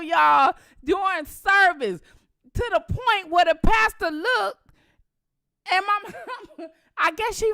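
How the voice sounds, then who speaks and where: A middle-aged woman, telling a story to her viewers in a profane, animated way. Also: very high voice. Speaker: channel host.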